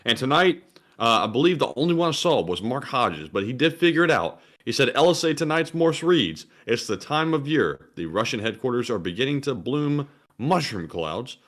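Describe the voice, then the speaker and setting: A man co-hosting a livestream, reading out viewer messages in a plain, steady way. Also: mid-range voice, moderate pace. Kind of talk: livestream casual chat.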